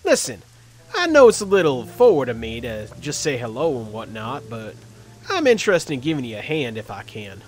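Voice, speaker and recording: A man's voice: medium pitch, wildly swooping pitch, moderate pace, slight background noise. A man voicing a chatty, cheerful male orc street surgeon in a video game, friendly and joking. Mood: eager.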